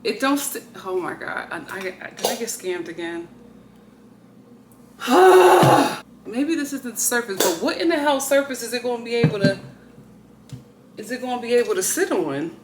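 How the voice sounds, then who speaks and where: A woman's voice: fairly high pitch, lively intonation, moderate pace, long pauses, very noisy. A woman vlogging casually at home, exclaiming and grumbling to her viewers as she unboxes something. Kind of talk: casual vlog chat. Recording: roomy echo, faint ambience.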